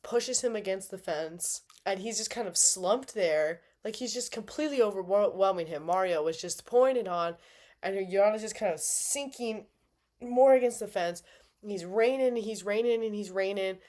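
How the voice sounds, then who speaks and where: A woman's voice: mid-range voice, moderate pace, darkish tone. A woman giving a casual, playful recap of a fight night, bubbly and dramatic, with slangy asides. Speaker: MMA fan reviewer.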